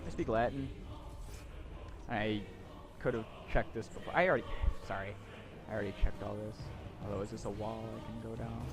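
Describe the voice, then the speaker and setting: A man's voice: lowish voice, fairly even intonation, a little fast, pauses often, over music. A young man giving casual let's play commentary, sarcastic and irreverent, swearing freely. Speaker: gameplay commentator.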